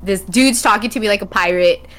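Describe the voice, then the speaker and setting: A woman's voice: mid-range voice, brisk. Woman cohost on a gaming talk show, chatty and giggly, telling stories. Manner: animated, laughs often while telling stories. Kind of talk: casual chat, storytelling.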